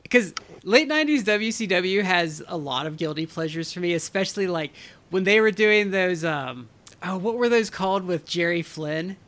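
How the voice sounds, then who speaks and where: Male co-host, high and bright, filler-heavy casual talker. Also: animated, normal speed. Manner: rambling with many fillers. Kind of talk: casual chat.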